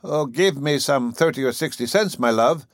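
A man's voice: mid-range voice, animated, moderate pace, dry recording, clean studio sound, close to an everyday voice. A man voicing a pompous, henpecked old major who blusters. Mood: wheedling.

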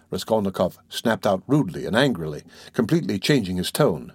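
A man narrating a novel in a steady, measured reading. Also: low voice, husky, no echo. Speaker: audiobook narrator. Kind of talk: scripted narration.

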